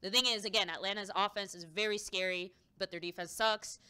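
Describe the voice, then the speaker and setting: A woman co-hosting a casual live-stream sports chat, chatty and thinking out loud as she gives her opinions. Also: medium pitch, fairly even intonation, brisk, smooth. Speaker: fan show co-host.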